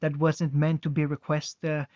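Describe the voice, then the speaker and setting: A man's voice: on the high side, completely flat delivery, normal speed, a little mellow, no room sound, close to an everyday voice. A man voicing a cold, formal military spokesman who stays stiffly polite, on a dull, dry recording.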